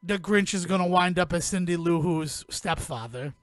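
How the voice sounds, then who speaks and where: A man co-hosting a podcast, retelling a film in a rambling, animated way and acting out the characters' lines. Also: high-pitched, normal speed, dry recording, studio quality. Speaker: podcast co-host. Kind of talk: casual movie review chat.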